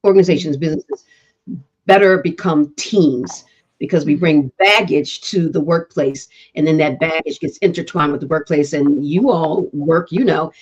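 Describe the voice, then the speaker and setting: A woman co-hosting a casual panel chat, encouraging and quick to affirm others. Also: low voice, a little mellow, husky, dull audio. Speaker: co-host.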